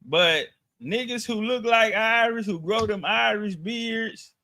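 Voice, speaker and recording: With a high, bright voice and a slow, easy pace, a man spins a slang-filled story full of swearing and false starts. The sound is close and dry, with no room sound at all.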